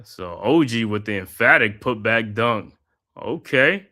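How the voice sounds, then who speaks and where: Man calling play-by-play, bright tone. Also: fairly low pitch, measured pace. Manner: steady play calls, casual slang asides. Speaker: host. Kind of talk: live play-by-play commentary.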